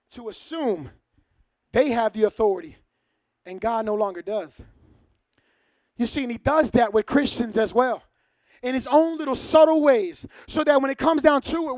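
A man preaching a sermon to his church, casual and lively, acting out short dialogues. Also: very high-pitched, no echo. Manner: casual, acts out little dialogues. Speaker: pastor.

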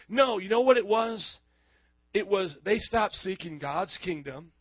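A man's voice: high-pitched, breathy edge, no echo, dull audio. A male pastor preaching a sermon, emphatic and calling out to the congregation for responses.

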